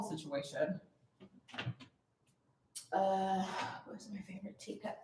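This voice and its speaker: A young woman with a South African accent chatting casually to camera at home in an animated, playful way. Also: on the low side, unhurried, long pauses. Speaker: vlogger. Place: her home.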